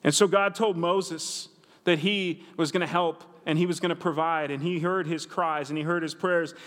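A man preaching a sermon in a chatty, conversational way with asides to the congregation. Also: high voice. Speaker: pastor. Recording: reverberant hall.

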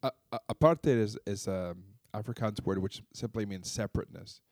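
A man's voice: on the low side, darkish tone, dry recording. A man answering as a guest, explaining history and often restarting his phrases. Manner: halting, repeats words at starts of phrases.

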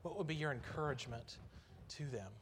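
A man with a fairly high voice preaches in a church, speaking earnestly and conversationally and leaning hard on key words. Faint room ambience sits softly behind him. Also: a little fast, a little hiss or hum. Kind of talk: sermon.

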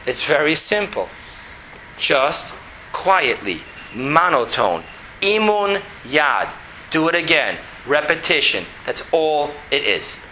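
A middle-aged man teaching a spoken Torah class, animated and repetitive, sometimes dropping to a quiet, even monotone. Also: a little high. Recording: roomy echo with faint background noise.

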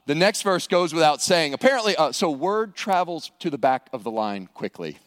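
Animated preacher, lively pitch. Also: male voice, moderate pace, in a large hall. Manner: animated storytelling, acting out scenes with humor. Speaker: pastor. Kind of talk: sermon.

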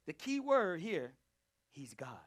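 A man teaching a Bible study, preaching emphatically and calling out to his listeners, swinging between loud and hushed delivery. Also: fairly high pitch, big pitch swings, slow pace. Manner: emphatic, calls out to the group. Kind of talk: preaching to a live group.

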